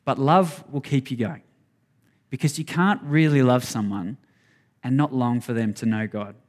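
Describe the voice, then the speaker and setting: A man's voice: mid-range voice, normal speed. A man preaching a sermon, earnest and conversational, speaking straight to his congregation. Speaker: pastor.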